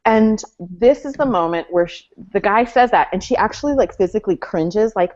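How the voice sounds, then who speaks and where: A woman's voice: medium pitch, animated, moderate pace, a little mellow, dull audio. A woman co-hosting a casual fan chat over a video call, opinionated and chatty with lots of fillers. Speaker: podcast co-host. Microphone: webcam mic on a video call.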